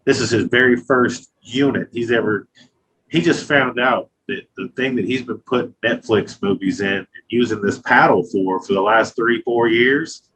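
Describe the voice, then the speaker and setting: A man's voice: mid-range voice, normal speed, fairly bright tone, poor audio. A man in his thirties, a glass artist, talking casually and profanely in an interview, telling stories with lots of filler phrases. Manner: profane, loose, storytelling with acted quotes.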